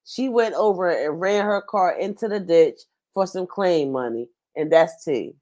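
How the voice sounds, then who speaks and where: A woman's voice: on the low side, animated, unhurried, warm tone. A woman hosting a reaction video, giving sassy, blunt, gossipy commentary.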